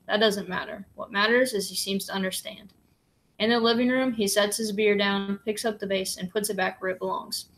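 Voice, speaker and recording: Woman reading a novel aloud gently. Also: mid-range voice. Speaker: audiobook reader.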